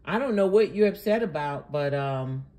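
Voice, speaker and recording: A woman's voice: low voice, lively intonation, normal speed, mellow. A woman hosting a reaction channel, commenting sarcastically and indignantly on a preacher's clip.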